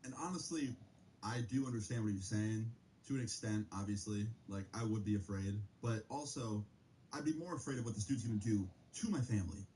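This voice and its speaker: A man's voice: on the low side, a little fast, dark tone, a little hiss or hum, rough recording. A young man casually telling a personal story on a live stream, full of slang and filler words. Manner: casual, slangy, lots of "like" and "bro".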